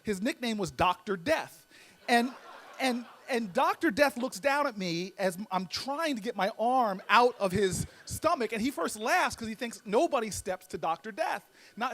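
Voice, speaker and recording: A man with a very high voice gives a humorous storytelling speech as a guest speaker. He's animated, with strong comic timing, and he often repeats words as he builds up.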